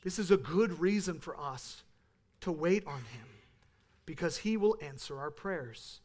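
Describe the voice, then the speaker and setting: A man in his thirties preaching a sermon, earnest, rising to emphatic peaks and falling back to quiet. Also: on the high side, animated, measured pace. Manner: earnest, building to emphatic peaks then dropping soft.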